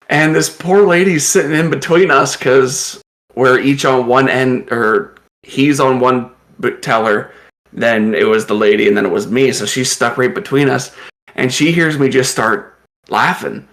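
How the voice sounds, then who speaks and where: A man's voice: medium pitch, measured pace, a bit bright. A man co-hosting a podcast, telling rambling stories in casual chat and laughing often as he talks. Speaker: podcast co-host.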